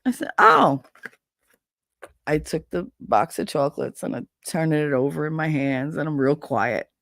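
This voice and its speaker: A middle-aged woman tells a story on her casual talk show, cursing freely and acting out the voices of the people in it. Her voice sits low. The sound is close and dry, with no room echo. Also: moderate pace. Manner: animated, swearing, acts out voices in retelling. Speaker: host.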